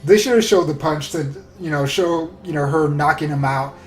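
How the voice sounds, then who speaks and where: A man casually recapping an anime episode in a rambling, excitable way, full of fillers. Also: fairly high pitch, moderate pace. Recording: roomy echo with faint music.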